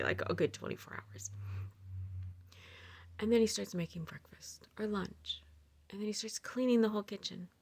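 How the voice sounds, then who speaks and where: A woman telling a personal story to her viewers in a casual, animated way, with many fillers and asides. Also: mid-range voice, creaky, breathy edge. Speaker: storyteller sharing personal experiences.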